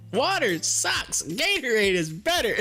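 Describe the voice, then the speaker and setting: A livestream host commenting on stock charts, laughing often and reading viewer comments aloud. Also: medium pitch. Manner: giggly, laughs often, excitable. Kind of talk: live-streamed market commentary with chat reading.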